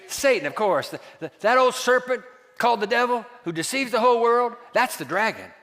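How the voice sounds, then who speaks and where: A man preaching a sermon as pastor, quizzing his congregation and dropping to hushed asides. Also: very high-pitched, big pitch swings, moderate pace, long reverb tail.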